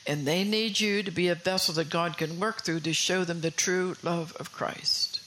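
A woman's voice: lowish voice, steady tone, moderate pace, fairly bright tone, slight background noise, poor audio. A woman preaching a sermon in an earnest way, often repeating and restarting phrases and putting questions to her listeners.

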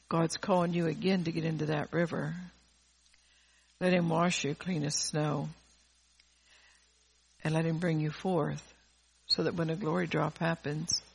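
A woman's voice: low-pitched, creaky, husky. A woman preacher delivering a fervent sermon, repeating words and phrases for emphasis.

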